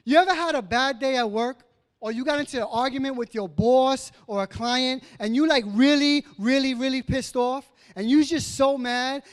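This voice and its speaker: Male pastor, middle-aged, very high pitch, chatty animated preaching. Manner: animated, conversational preaching with quoted asides. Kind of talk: sermon.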